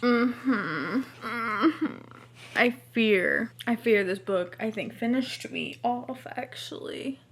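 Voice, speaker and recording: A woman's voice: on the high side, animated, slow pace. A young woman in a casual reading vlog, emotional and dramatic, swearing freely as she reacts to a book. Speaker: book vlogger.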